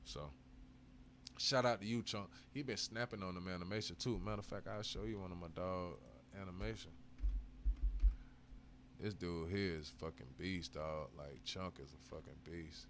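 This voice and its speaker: A man's voice: low-pitched, steady tone, moderate pace, a bit bright, a little hiss or hum. A man hosting a live stream, chatting casually with heavy swearing, frequent laughs and bursts of hype. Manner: profane, hyped, laughs often.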